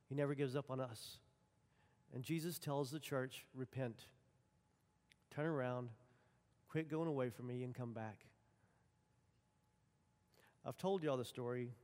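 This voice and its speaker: A pastor preaches a sermon in a mid-range, darkish-toned male voice at normal speed, pausing often. He tells folksy personal stories and acts out the dialogue, with a long hall reverb on the recording.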